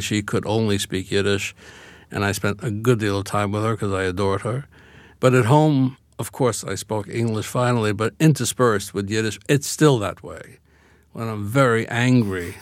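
In a studio-quality recording with no echo, an older man from Brooklyn, USA talks on the radio as a guest author. His fairly low voice carries a wry, reflective manner, and he's quick to laugh.

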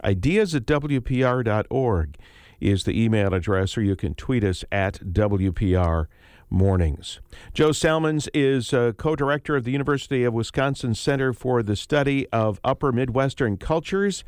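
A male radio show host interviewing a guest in a studio, relaxed and conversational. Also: mid-range voice, normal speed, smooth, no room sound. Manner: relaxed, conversational, frequent uh fillers. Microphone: studio microphone, close and dry.

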